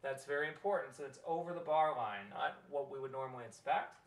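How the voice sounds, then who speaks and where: A man's voice: mid-range voice, a little fast, distant mic. A man leading a choir rehearsal, walking through the score and singing short phrases as examples. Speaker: choir director. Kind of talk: choral rehearsal instruction. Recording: roomy, from off mic.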